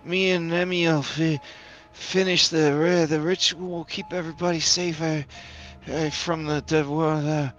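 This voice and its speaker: A man voicing a frantic, whiny reanimated taxidermy cat who stammers in a high, squeaky voice. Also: flat delivery, a little slow, a bit bright, lo-fi sound, faint music behind. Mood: flustered.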